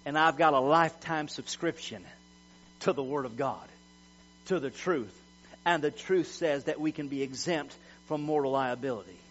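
A man's voice: fairly high pitch, normal speed, a bit bright. A middle-aged man preaching a sermon in an emphatic, folksy way, repeating words as he tells personal stories. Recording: dull lo-fi recording with mains hum.

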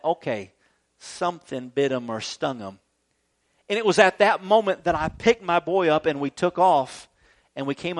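High-voiced earnest male pastor preaching. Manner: earnest, swings from loud urging to soft tender tones. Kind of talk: sermon. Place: church grounds.

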